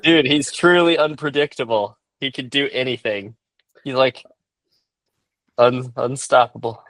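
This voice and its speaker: A man's voice: mid-range voice, measured pace, fairly bright tone. A man on a podcast panel, chatting casually and teasing the others.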